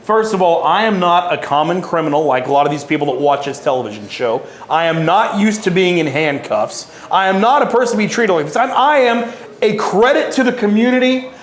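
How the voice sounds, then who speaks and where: A man's voice: sits high, expressive, quick pace. A man speaking as a wrestling manager, cutting a smug, self-important promo in an echoey room. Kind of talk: boastful heel wrestling promo.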